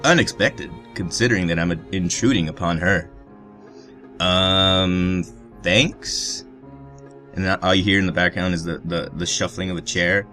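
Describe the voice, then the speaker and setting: A man with a low, deep voice reads a visual novel aloud for a let's play. He keeps breaking the narration with crude, joking asides. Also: fairly quick, hardly any pauses, pushed and bright, soft background music. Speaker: let's player.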